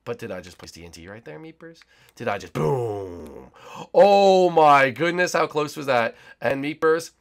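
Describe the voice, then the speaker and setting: A young man giving excited, teasing play-by-play commentary on a multiplayer game round, talking to players and viewers. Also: mid-range voice, measured pace, creaky. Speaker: gaming YouTuber.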